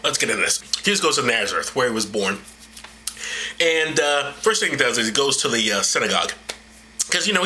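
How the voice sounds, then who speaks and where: Irreverent, rambling man with a bright voice. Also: medium pitch, a little hiss or hum. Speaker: comedic show host. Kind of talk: satirical retelling.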